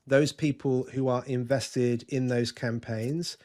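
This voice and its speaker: A man's voice: mid-range voice, steady tone, takes it slowly, darkish tone. A man, a podcast guest talking earnestly and telling an anecdote, with frequent restarts. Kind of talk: conversational interview, storytelling.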